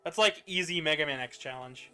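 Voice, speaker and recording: A young man chatting casually while playing a video game, animated and swearing now and then. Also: a little high, a little fast. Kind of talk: casual chat while gaming.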